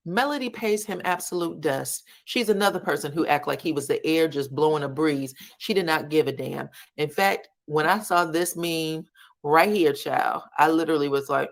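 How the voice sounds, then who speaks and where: A woman giving casual, animated commentary on a reality show, retelling scenes in colloquial talk. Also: sits low, normal speed. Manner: animated, colloquial storytelling that acts out the people she quotes.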